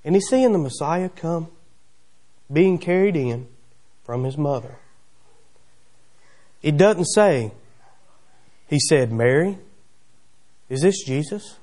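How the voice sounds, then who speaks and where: A man preaches a sermon in a church. His voice sits high and swings widely as he retells the story with homespun wondering questions. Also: expressive, slow pace, pauses often, darkish tone. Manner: folksy, imaginative storytelling with rhetorical questions. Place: church sanctuary.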